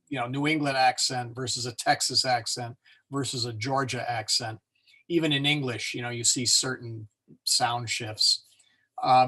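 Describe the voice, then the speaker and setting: A man teaching an informal class on pronouncing Latin, relaxed and chatty, joking with his students and slowly sounding words out to show them. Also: medium pitch. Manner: relaxed and chatty, many fillers and self-corrections, joking asides.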